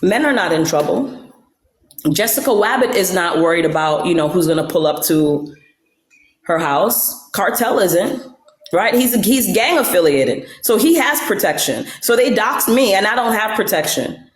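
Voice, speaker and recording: A woman's voice: medium pitch, animated, moderate pace, echoey room. A woman hosting a casual livestream chat, blunt and swearing freely, rambling with restarts. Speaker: livestream host.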